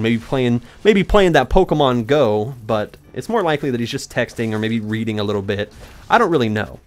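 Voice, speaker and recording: A young man tells a long, rambling story while he plays, breaking off to talk to the game. His pitch leaps and swoops freely, and a faint music track runs underneath. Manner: rambling, animated, talks to the game mid-story. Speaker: gaming YouTuber. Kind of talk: let's play commentary with storytelling.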